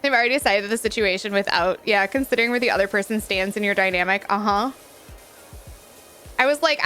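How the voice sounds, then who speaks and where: Over soft background music, a woman with a mid-range, fairly bright voice talks a little fast during a casual gaming stream. Reading chat, she jokes candidly with her viewers like friends and laughs a lot.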